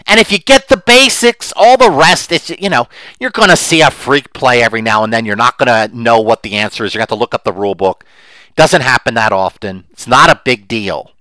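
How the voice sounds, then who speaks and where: A man's voice: medium pitch, fairly quick, bright, forceful tone, dry recording, rough recording. A middle-aged man hosting his podcast solo, talking in an emphatic, rambling way that gets more worked up as he goes. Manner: rambling with restarts and asides. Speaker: podcast host. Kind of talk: opinionated solo podcast monologue.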